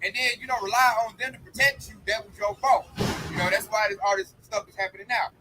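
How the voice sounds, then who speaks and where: A man preaching a loose, animated street sermon full of slang, reading scripture and riffing on it. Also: high-pitched, quick pace, a little hiss or hum, rough recording.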